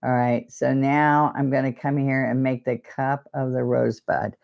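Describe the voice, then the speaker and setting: A woman's voice: a bass voice, level tone, normal speed, vocal fry, highs cut off. A woman teaching a live painting lesson, chatting and wandering off topic as she demonstrates each brushstroke. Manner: chatty, digressive, talks while demonstrating.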